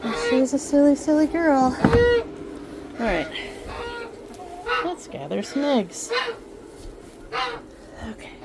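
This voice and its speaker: A woman's voice: sits high, animated, measured pace, long pauses, heavy background noise. A woman who keeps birds, chatting sweetly to her hens and ducks as she gathers eggs outdoors. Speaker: backyard bird keeper. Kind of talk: casual narration while gathering eggs. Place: outdoors in a poultry yard. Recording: loud farm birds behind.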